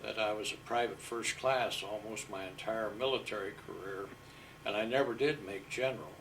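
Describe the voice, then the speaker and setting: A man's voice: fairly low pitch, steady tone, a bit bright, recorded from a distance, slight background noise, rough recording. Older veteran man telling war stories. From Iowa, USA. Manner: unhurried, humble storyteller with fillers. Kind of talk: storytelling interview.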